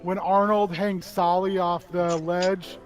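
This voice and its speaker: A man's voice: high-pitched, little pitch movement, takes it slowly, loud music behind the voice. A man co-hosting a casual live stream chat, enthusiastically recalling and quoting favorite movie lines.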